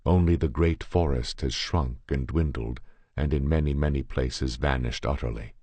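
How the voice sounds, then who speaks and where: A man reading a horror tale aloud in a measured, grave first-person narration. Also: rumbling low, a little mellow, dry recording. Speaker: audiobook reader.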